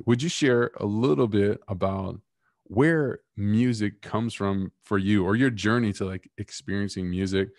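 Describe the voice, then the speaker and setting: A man with a lowish voice hosts a casual podcast over a video call. His sound is dry and close, and he talks in a playful, hype-man way when he introduces a guest. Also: a little mellow, no room sound. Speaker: podcast host.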